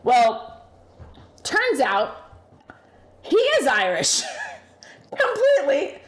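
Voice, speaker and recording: A young woman telling a story casually to the camera, animated and chatty, swearing freely and laughing often. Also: high voice, very slow. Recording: echoey room.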